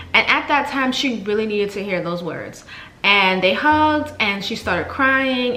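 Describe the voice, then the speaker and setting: A woman hosting a podcast, reading soft repeated affirmations and then chatting casually and excitably. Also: mid-range voice, roomy sound. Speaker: podcast host. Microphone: desk mic with camera.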